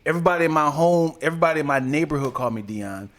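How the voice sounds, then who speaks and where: A man co-hosting a podcast, telling stories in a relaxed way, often repeating and restarting his phrases. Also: fairly high pitch, racing. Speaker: podcast co-host. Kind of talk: casual chat.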